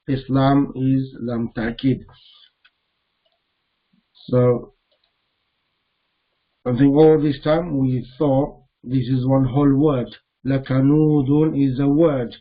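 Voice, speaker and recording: Slow-spoken male grammar teacher. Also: medium pitch, narrow, tinny audio. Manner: slow, repetitive explaining, reciting Arabic words aloud. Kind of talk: classroom lesson.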